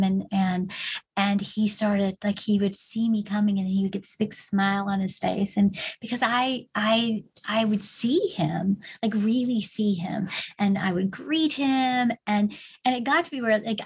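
A woman's voice: medium pitch, breathy edge, low-quality recording. A middle-aged woman in casual conversation, telling a long personal story with many fillers and restarts.

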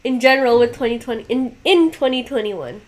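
A woman's voice: on the high side, expressive, fairly quick. A woman in her twenties co-hosting a casual podcast, teasing and laughing easily. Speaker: podcast co-host. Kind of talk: casual chat.

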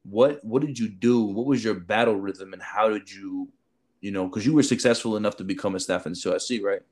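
A man's voice: on the low side, fairly quick. This is a man in easy conversation, full of slang and constant "bro"s. He tells his stories with energy and acts out the people in them. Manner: animated, acts out quotes in changed voices; slangy, says "bro" a lot. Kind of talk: casual storytelling chat.

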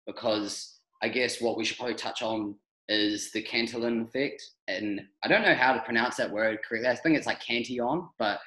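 A man's voice: mid-range voice, brisk, bright, forceful tone, reverberant, poor audio. A man hosting a podcast interview, asking questions in a thoughtful, hesitant way. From New Zealand. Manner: thoughtful, hesitant, many ums. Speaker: podcast host.

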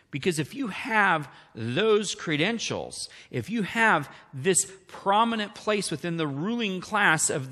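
Man, sermon, high voice, bright and forceful, long hall reverb. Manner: animated preaching, asks congregation questions. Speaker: pastor.

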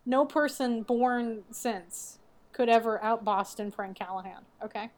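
Woman, podcast co-host, wry and chatty, slightly high voice. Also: measured pace. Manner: wry, chatty, recapping a show. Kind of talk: casual chat.

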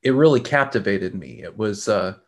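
A middle-aged man hosting a reflective talk, speaking in a slow, measured way with frequent pauses and repeated words. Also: lowish voice, lively intonation. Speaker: podcast host.

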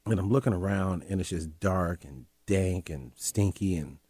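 A man's voice: sits low, normal speed, a little mellow, breathy edge, dry recording. A man, a guest on a talk show, candidly telling his life story and often repeating his phrases. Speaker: interview guest.

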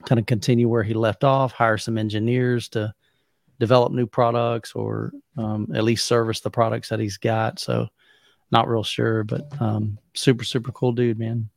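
A man's voice: medium pitch, level tone, moderate pace, vocal fry, no room sound. Easygoing man with a dry close sound. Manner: easygoing, says "man" often. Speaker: podcast co-host. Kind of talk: casual chat.

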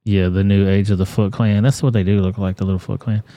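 A man's voice: fairly low pitch, flat delivery, fast talker, warm tone, no room sound. A man hosting a casual livestream, reacting to videos and reading chat with crude, blunt, profane talk. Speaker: livestream host.

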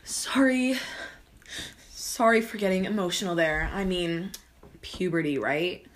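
A woman's voice: lowish voice, animated, measured pace. A woman playing a snarky teenage prince. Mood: sarcastic. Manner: sarcastic, exasperated, talks to viewers like a vlogger. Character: sulky teenage male prince, snarky and whiny. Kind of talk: comedic student skit.

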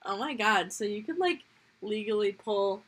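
A young woman co-hosting a podcast, reading a story aloud and chatting in a lively, jokey way. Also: medium pitch, moderate pace, breathy edge. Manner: lively, jokey, laughs often. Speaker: podcast co-host.

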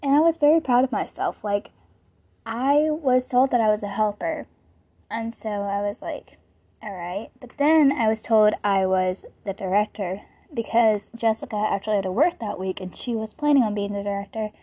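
A woman's voice: mid-range voice, normal speed, dark tone. A woman in her late teens hosting a podcast, telling stories in a loose, rambling way with lots of "like" fillers. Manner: rambling storytelling, full of "like" fillers. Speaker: podcast host. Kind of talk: casual podcast monologue.

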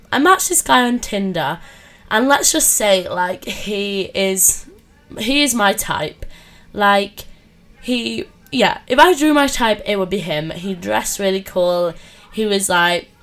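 A young woman, telling dating stories in a chatty, animated way with lots of fillers. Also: medium pitch. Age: 20s. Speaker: podcast host. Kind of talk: casual storytelling chat.

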